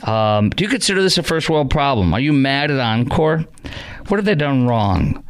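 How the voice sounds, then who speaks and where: A man's voice: mid-range voice, very animated, normal speed. A man hosting a talk radio show, talking in a sarcastic, rambling, mocking way from a studio.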